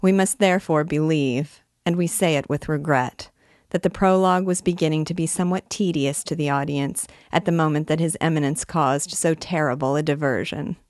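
Low-voiced woman reading a classic novel. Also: dry recording, studio quality. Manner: measured, expressive. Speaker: reader and teacher.

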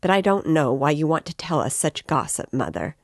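A woman's voice: low-pitched, unhurried, no echo, clean studio sound. A woman reading the lines of a brooding, feverish young man who speaks in abrupt, agitated bursts.

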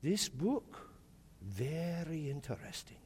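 A man putting on a soft, halting old man. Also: a little high, big pitch swings, long reverb tail, slight background noise. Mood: curious. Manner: halting broken English, quiet and clipped. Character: frail, soft-spoken Korean man of about ninety.

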